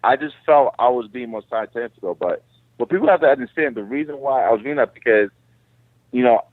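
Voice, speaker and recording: A man who is a guest fighter, telling stories in an animated, profane, casual way. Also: medium pitch, a little fast, dry recording. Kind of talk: casual interview. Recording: tinny phone line.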